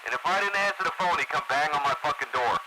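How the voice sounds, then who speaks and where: A man's voice: a little high, lively intonation, quick pace. Foul-mouthed man telling stories over noise. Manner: profane, swears constantly while telling stories. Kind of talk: casual chat. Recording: loud background noise.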